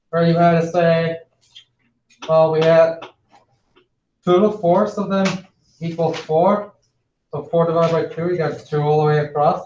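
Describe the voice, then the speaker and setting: A male teacher leads a math lesson, pacing his words slowly whenever he spells out a step. His voice sits a little high, and it sounds distant and muffled. The classroom around him rings with echo. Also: a little hiss or hum. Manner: instructive, slows down to spell out steps. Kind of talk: classroom instruction. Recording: echoey, distant, dull classroom recording.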